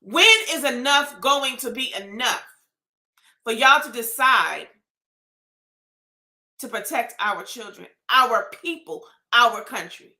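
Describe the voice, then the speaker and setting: A woman, pleading to camera in an impassioned, emotional vlog rant that rises to shouts. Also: fairly high pitch, takes it slowly, long pauses, roomy sound. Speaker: vlogger.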